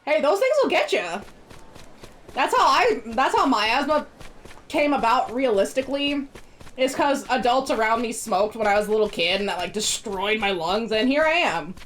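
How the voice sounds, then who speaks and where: A woman's voice: on the high side, expressive, moderate pace, a bit bright, a little hiss or hum. A woman streaming a video game, chatting casually in a rambling way and laughing often. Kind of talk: casual chat while gaming.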